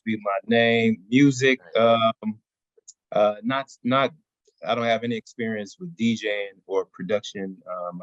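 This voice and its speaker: A man in his thirties, a workshop participant, introducing himself in a relaxed, hesitant way over a video call. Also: lowish voice, no echo. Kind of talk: casual self-introduction. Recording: dull dry lo-fi call audio.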